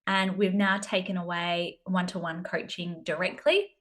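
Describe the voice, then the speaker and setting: A woman's voice: lowish voice, little pitch movement, measured pace, a bit bright. A woman in her thirties with an Australian accent, hosting a solo business podcast in a chatty, self-deprecating way. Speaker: podcast host, business coach. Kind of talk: casual solo podcast talk.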